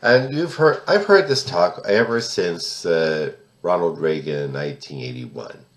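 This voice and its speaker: A US man about sixty years old speaks to camera alone about politics, his low voice animated and his pace measured. Emphatic and indignant, he often repeats words and restarts sentences, with the sound echoing around the room.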